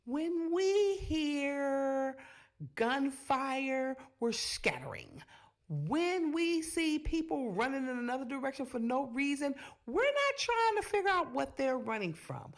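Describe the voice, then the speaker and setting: A woman hosting a reaction video, giving sassy, animated commentary straight to her viewers. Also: sits high, takes it slowly.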